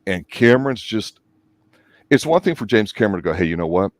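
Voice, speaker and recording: A man with a very deep voice makes his case about a film with emphatic, drawn-out points. The sound is dry and close, with no room echo. It comes across as a casual review chat. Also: animated. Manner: emphatic, lays out his opinions at length. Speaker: movie review co-host. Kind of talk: casual movie discussion.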